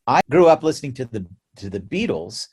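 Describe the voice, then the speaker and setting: An American musician, appearing as a guest in a remote interview, chats casually in a medium-pitched voice that is a little fast with a breathy edge. He's an animated storyteller who laughs often and restarts frequently.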